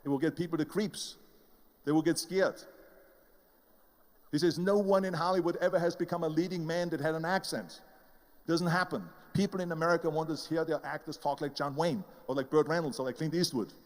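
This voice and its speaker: A man's voice: on the high side, fairly even intonation, fairly quick, long reverb tail. An older man with an Austrian German accent giving an emphatic motivational speech, telling his story and acting out the voices of the people in it. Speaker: motivational speaker.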